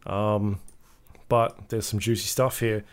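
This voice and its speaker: A man co-hosting a podcast, chatting casually about game news with a relaxed, hesitant delivery and plenty of ums. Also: on the low side, slow pace, clean tone. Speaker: podcast co-host. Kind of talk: casual gaming news chat.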